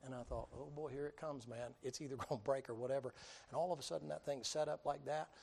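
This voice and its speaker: A man preaching in a folksy drawl. He tells his story in an animated way, acts out the people in it, and now and then bursts out loudly. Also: medium pitch, quick pace, creaky, husky. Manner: folksy, animated storytelling with acted-out voices and sudden loud bursts. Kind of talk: storytelling sermon.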